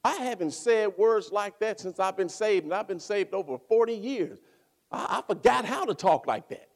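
A man voicing an elderly preacher in a joke, flustered and indignant, with a high, creaky voice that swings widely in pitch. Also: lively intonation, normal speed, long reverb tail. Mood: pleading. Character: elderly male preacher, long saved, prim.

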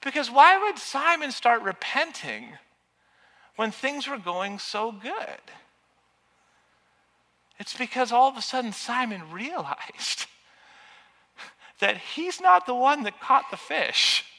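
A man preaching a sermon with passion, building to loud, urgent peaks. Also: very high-pitched, very animated, slow pace, long pauses. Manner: impassioned, rising to near shouting at peaks. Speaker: pastor. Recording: long reverb of a large hall.

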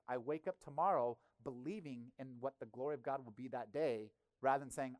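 A male pastor preaching a sermon in a conversational, animated way, often acting out quotes. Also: medium pitch, fairly quick, hardly any pauses, no echo.

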